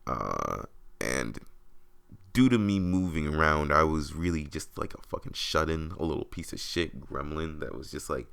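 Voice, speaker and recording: A man's voice: rumbling low, wildly swooping pitch, unhurried, creaky, a bit bright. A young man from upstate New York hosting a podcast, telling a story in a rambling, profane way, full of fillers and restarts. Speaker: podcast host. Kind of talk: casual storytelling monologue.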